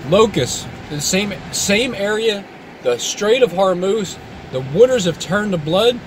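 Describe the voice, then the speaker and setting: A man commentating in a sarcastic vlog, mocking doomsday alarm with exaggerated outbursts and low muttered asides. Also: expressive, a little slow, a little hiss or hum. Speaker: video commentator.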